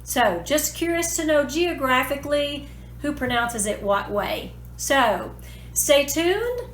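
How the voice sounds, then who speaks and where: A woman talks through a recipe in a chatty, folksy way. Her voice sits a little high. The kitchen rings with echo, and faint sizzling runs underneath. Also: expressive, slow. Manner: chatty and homey, folksy phrasing. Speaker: home cooking vlogger. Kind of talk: casual cooking tutorial. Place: home kitchen, food sizzling. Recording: echoey kitchen with cooking noise.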